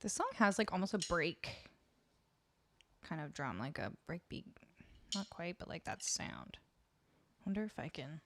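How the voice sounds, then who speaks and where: A woman's voice: lowish voice, big pitch swings, measured pace, pauses often, background noise. A young Canadian woman hosting a music livestream, chatting casually with viewers, often laughing and trailing off mid-sentence. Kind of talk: casual chat with live chat.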